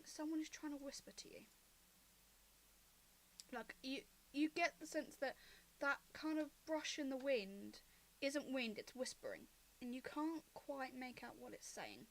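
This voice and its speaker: A woman's voice: sits high, fairly bright tone. A woman narrating as game master of a tabletop game, rambling and hesitant, with fillers and the odd cough.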